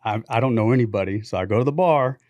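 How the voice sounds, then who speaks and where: A man, a podcast guest, telling lively anecdotes in a studio, acting out bits of dialogue. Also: mid-range voice, fast talker, no room sound. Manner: animated anecdotes with quoted dialogue. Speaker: podcast guest, business founder. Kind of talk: casual storytelling.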